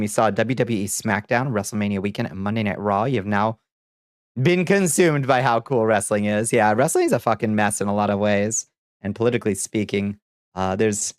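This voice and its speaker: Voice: medium pitch, dry recording, clean studio sound. A streamer from the American South, stuffy and congested, chatting casually with viewers, reading their messages and laughing often. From Southern United States. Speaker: VTuber streamer host. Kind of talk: casual livestream chat, reading chat aloud.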